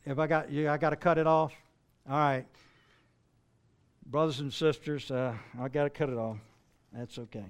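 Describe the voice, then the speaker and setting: A man's voice: on the high side, steady tone, normal speed, pauses often, smooth. An older man preaching a sermon in a conversational way, asking listeners rhetorical questions and often restarting phrases. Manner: restarts and stumbles mid-phrase.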